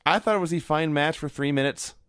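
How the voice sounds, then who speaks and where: A man's voice: fairly high pitch, quick pace, a bit bright, clean tone, dry recording. A man co-hosting a podcast, recapping matter-of-factly in a dry tone. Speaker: podcast co-host. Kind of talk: casual chat reviewing old wrestling.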